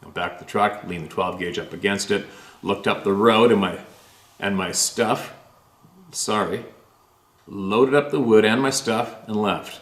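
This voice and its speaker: A man's voice: fairly low pitch, unhurried, fairly bright tone, echoey room. A man hosting a show, reading a listener's letter aloud and then rambling casually about it with many fillers. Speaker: host reading listener stories.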